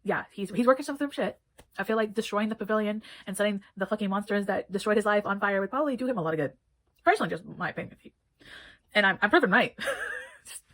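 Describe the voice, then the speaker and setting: A woman's voice: mid-range voice, fairly bright tone, low-quality recording. A woman giving a casual book review, rambling and swearing freely as she chats. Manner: rambling, profane, chatty.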